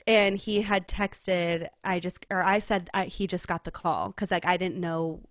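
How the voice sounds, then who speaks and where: A young woman from California, co-hosting a podcast and telling a personal story in casual, heartfelt chat, full of "like" and quick laughs. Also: on the low side, no echo, studio quality. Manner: chatty storytelling, heavy use of "like", laughs often. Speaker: podcast co-host.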